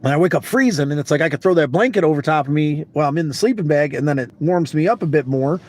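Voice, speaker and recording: A man's voice: a little high, lively intonation, fast, a little mellow. Groggy, rambling man vlogging on the road. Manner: rambling, laid-back, repeats words, swears casually. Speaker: traveling vlogger. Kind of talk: casual chat to camera.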